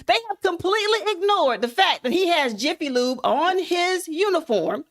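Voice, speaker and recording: High-voiced woman telling a folksy story. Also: a bit bright. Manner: folksy, addresses listeners as y'all. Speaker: content creator, motivational speaker. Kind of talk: motivational storytelling.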